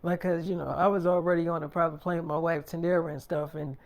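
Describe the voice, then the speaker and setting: A man's voice: on the high side, level tone, fast, creaky. A man telling a long story in a rambling, profane, casual way, repeating himself and quoting others as he goes.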